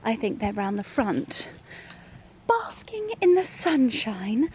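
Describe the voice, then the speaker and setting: Woman, gushing chatty vlogger, affectionate, fairly high voice, faint background noise. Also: very animated, takes it slowly, a little mellow. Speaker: lifestyle vlogger. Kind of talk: casual vlog chat to camera.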